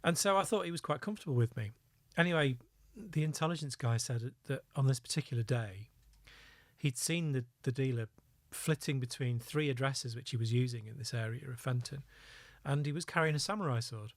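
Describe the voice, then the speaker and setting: Man, middle-aged, animated storyteller, podcast guest, dry close sound. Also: mid-range voice, a little fast, no room sound. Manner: lively anecdotal storytelling, laughs at own story. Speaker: guest, former undercover police officer.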